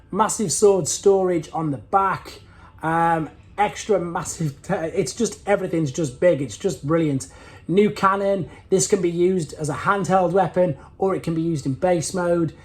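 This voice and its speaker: A man's voice: high-pitched, unhurried, a little mellow. A man hosting a casual weekly toy news roundup, enthusiastic and rambling, with plenty of fillers and restarts. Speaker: toy collector channel host.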